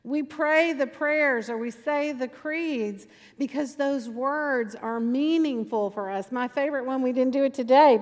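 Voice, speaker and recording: A woman's voice: high voice, moderate pace. A woman pastor preaching a sermon in a conversational storytelling way, driving points home with emphatic repetition. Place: church sanctuary. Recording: long reverb in church sanctuary.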